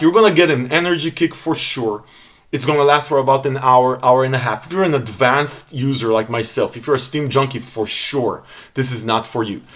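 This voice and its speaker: A man's voice: mid-range voice, fairly bright tone. Blunt, profane man reviewing supplements.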